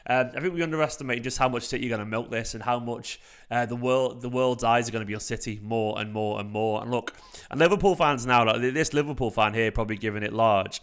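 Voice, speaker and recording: Chatty Manchester lad on a live stream. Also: male voice, mid-range voice, fast talker, clear, resonant tone. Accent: light Manchester. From South Manchester, England. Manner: rambling, animated, swears freely, frequent fillers. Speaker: football fan channel host. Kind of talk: casual live-stream chat.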